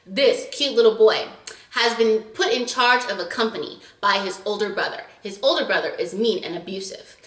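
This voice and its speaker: A young woman vlogger recapping a drama in animated, chatty casual talk, acting out scenes as she goes. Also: medium pitch, moderate pace, echoey room.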